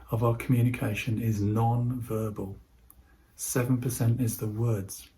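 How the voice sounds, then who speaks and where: A man giving an instructional talk on voice techniques, speaking in a calm, measured way and slowing his speech with deliberate pauses. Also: mid-range voice. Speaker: presenter teaching voice techniques to healthcare staff.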